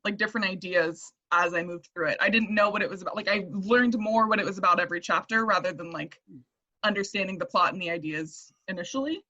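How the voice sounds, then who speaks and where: Brief: woman podcast guest, bright and forward tone, hesitant thoughtful talk, muffled lo-fi sound. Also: mid-range voice. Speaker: guest, English teacher. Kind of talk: casual podcast chat. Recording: dull lo-fi audio.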